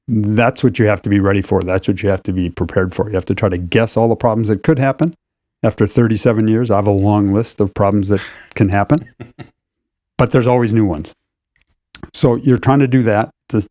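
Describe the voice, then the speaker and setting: Low mellow man explaining racing. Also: no echo, studio quality. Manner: measured, explanatory, with restarts. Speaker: racing competition director, co-host. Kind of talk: casual podcast chat.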